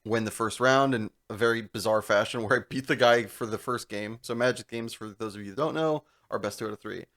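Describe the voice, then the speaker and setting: A young man co-hosting a podcast, telling a long story in casual chat, animated and laughing as he goes. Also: fairly low pitch, brisk, hardly any pauses. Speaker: podcast co-host.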